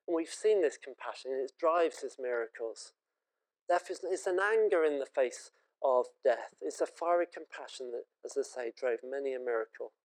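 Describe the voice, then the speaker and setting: A man's voice: mid-range voice, animated, moderate pace, rough recording. A British man preaching a sermon in an earnest, conversational and emotive way.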